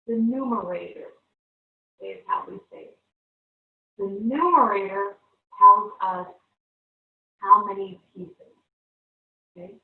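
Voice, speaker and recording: A woman teaching a televised math lesson to young students, upbeat and coaxing, constantly checking in with the class. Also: mid-range voice. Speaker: third-grade teacher. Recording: echoey room, far-off, thin phone-like sound.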